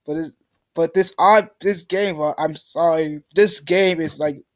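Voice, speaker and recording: A man's voice: fairly high pitch, unhurried. Young man, gamer, frustrated rants, begging the game, desk mic. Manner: ranting, frustrated, pleading with the game. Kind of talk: let's play commentary.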